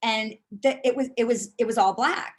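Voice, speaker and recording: A woman's voice: a little high, normal speed. Middle-aged woman, rambling with many fillers. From San Francisco, USA. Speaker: board candidate. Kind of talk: casual answers in a video meeting.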